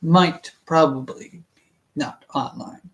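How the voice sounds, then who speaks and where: Hesitant young man with a higher voice. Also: fairly even intonation, slow pace, fairly bright tone. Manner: hesitant, stammering, many fillers and restarts. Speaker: book reading channel host. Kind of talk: casual rambling livestream chat.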